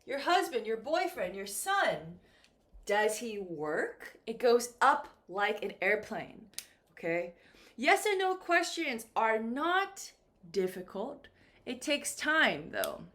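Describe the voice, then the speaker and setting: A woman with a fairly high, very lively voice gives a beginner English lesson. She speaks slowly and carefully, stretching her intonation up and down so learners can follow. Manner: slow, clear, exaggerated intonation for learners. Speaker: English teacher. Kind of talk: slow beginner ESL lesson.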